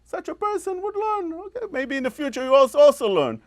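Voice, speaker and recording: Delivering a sermon, this rabbi speaks in an energetic, high-pitched male voice. His preaching is animated, with impressions of parents scolding and rapid-fire quotes in Hebrew.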